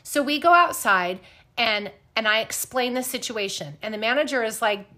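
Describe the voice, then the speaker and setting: Woman host, bright forceful voice, higher pitch, blunt animated storyteller who swears. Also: normal speed. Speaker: podcast host. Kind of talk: casual storytelling.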